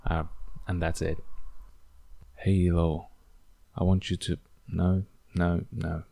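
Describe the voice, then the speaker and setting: A man's voice: deep voice, little pitch movement, measured pace, gravelly, mellow, no room sound. A man hosting a casual solo podcast, rambling and self-deprecating with lots of fillers, English not his first language. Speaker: podcast host.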